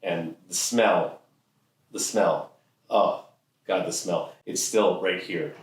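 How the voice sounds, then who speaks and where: A man tells funny stories about himself in a dry, self-deprecating way. His voice is low and deep. He is heard from a distance in a hall with strong echo. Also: slow. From Ontario, Canada. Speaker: comic storyteller. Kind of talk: humorous personal monologue. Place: event hall. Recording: echoey hall, mic far off.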